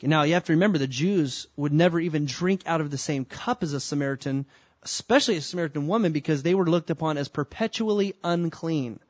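A male pastor with a slightly raised voice preaches a sermon in a conversational style, swinging between emphatic rising bursts and slow, deliberate phrases. The sound is close and dry, without room echo. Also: fairly high pitch.

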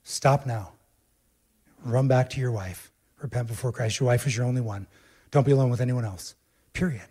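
A male pastor preaching a sermon with emphatic delivery, swinging between hushed low passages and raised, urgent ones as he addresses the congregation directly. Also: fairly quick, husky.

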